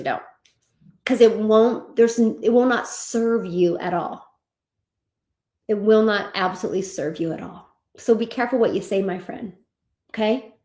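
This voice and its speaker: A woman giving an energetic motivational talk as an online business coach, emphatic and repetitive, acting out quoted voices. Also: a little high, echoey room.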